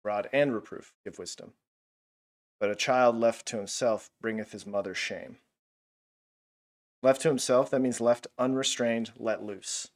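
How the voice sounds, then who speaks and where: Man, mid pitch, casual animated Bible teacher, loose and chatty. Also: a little slow, long pauses. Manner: casual and animated, many fillers. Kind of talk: Bible lesson.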